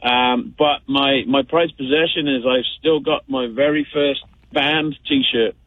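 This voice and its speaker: A man's voice: mid-range voice, steady tone, a little slow, dry recording. A man in his fifties from the United Kingdom, calling in to a radio show and rambling chattily with lots of fillers over a phone line. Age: 50s. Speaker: caller. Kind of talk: phone call-in chat.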